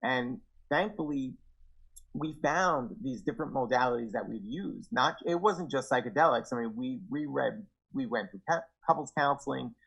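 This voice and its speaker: A young man speaking earnestly and thoughtfully as a podcast guest, growing animated when he quotes himself. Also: mid-range voice, normal speed, gravelly, breathy edge, muffled recording. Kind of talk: casual conversation.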